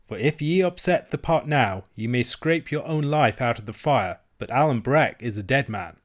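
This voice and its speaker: A man reading aloud, voicing a fierce, roguish Highland outlaw with a Scottish accent, gruff and blustering. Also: animated, moderate pace, close to an everyday voice. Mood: sly. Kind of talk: audiobook reading.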